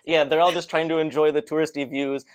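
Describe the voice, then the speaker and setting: Relaxed man hosting a running chat. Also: fairly high pitch, fast talker, clean tone. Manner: relaxed storytelling, friendly questions. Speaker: podcast host, runner. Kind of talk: casual conversational interview.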